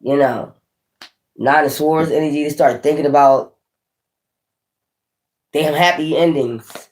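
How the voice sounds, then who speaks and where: A man giving a casual tarot reading, blunt and profane, with animated swings in delivery. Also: fairly high pitch, slow pace, pauses often. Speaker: tarot reader.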